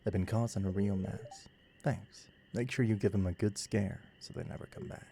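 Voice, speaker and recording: Man voicing a cranky old Southern game farmer, gravelly drawl, low and dark. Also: steady tone, moderate pace, slight background noise. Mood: folksy, asking.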